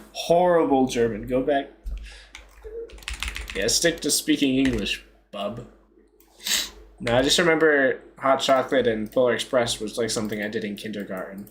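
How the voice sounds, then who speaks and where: A young man keeps up a loose, joking stream chat, often laughing at himself. His pitch sits in a middle range, and a faint hiss hangs under the voice. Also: lively intonation, unhurried, long pauses, fairly bright tone. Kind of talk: casual live-stream chat.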